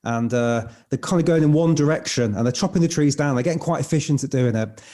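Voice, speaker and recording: Man, podcast host, mellow tone, mid pitch, attentive interviewer. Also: quick pace. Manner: attentive, frequent soft backchannels. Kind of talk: interview conversation.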